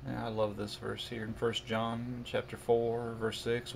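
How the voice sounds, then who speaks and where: A man preaching in a video, reading scripture slowly and emphatically, then breaking into mocking asides. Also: medium pitch, monotone, creaky, a little hiss or hum. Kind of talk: video sermon commentary.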